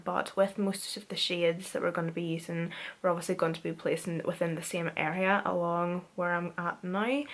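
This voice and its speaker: A young woman with a Northern Irish accent chats her way through a makeup tutorial. She talks in a casual, self-deprecating manner, like she's catching up with a friend. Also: fairly low pitch. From Northern Ireland. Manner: chatty, self-deprecating, says "wee" a lot. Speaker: beauty vlogger.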